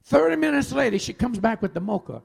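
A man in his fifties, a pastor telling a personal story in a sermon, animated and swinging from loud to near-whispered. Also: very high-pitched, fast talker, vocal fry, slightly rough.

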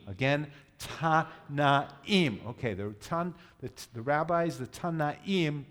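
A man's voice: fairly high pitch, animated, a little slow. Man teaching to a congregation. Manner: explanatory, leads group repetition, self-correcting. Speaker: Messianic teacher. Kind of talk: teaching sermon.

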